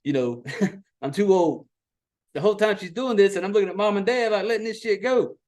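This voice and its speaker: A middle-aged man, exasperatedly recapping a movie in a profane, animated podcast rant. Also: high-pitched, fast. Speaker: podcast host.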